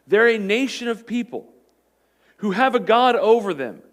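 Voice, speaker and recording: A man preaching a sermon as a pastor, telling the story with animated swings between loud emphasis and hushed asides. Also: high voice.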